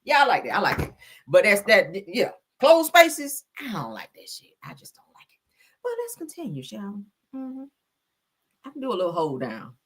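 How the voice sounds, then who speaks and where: A woman hosting a casual commentary chat, talking loud and profane, laughing often as she tells stories. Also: mid-range voice, huge pitch swings, moderate pace, slightly rough. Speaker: host.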